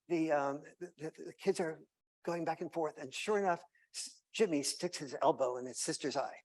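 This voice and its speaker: A man delivering a conference keynote in a storytelling way, pausing often on fillers and restarts. His voice sits a little high for a man and has a gravelly texture. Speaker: keynote speaker.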